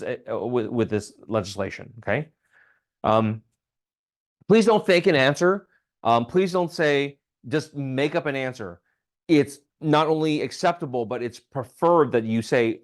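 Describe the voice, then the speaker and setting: A state legislator speaks at a town hall meeting, giving a relaxed training talk in a medium-pitched voice. He says "um" a lot, restarts his sentences, and keeps checking in with "okay?".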